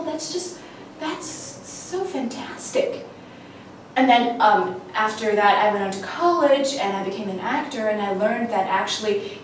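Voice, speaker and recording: A young woman from China, a native Mandarin speaker, talks through an audition monologue in a learned American accent. She sounds eager and animated, often restarting her sentences, and her voice sits fairly high. The room echoes heavily and the mic is some way off, with faint noise underneath. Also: recorded from a distance. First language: Mandarin Chinese. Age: 20s. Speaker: actress auditioning.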